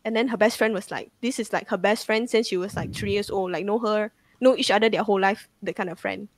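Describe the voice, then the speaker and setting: A woman's voice: medium pitch, fairly even intonation, fast talker. A young woman tells a ghost story casually, rambling with lots of "like" and swearing. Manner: rambling, full of "like" fillers and swearing.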